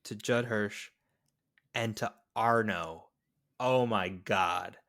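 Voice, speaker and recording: A man co-hosting a podcast, chatting casually about a film and asking quick questions. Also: lowish voice, fairly bright tone. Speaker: podcast co-host.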